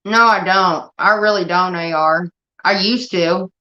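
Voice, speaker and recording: A livestream host with a fairly low, pushed and bright voice talks a little slowly. She's chatting casually, bluntly and profanely, clearly irritated with her moderators. The recording is dull lo-fi stream audio.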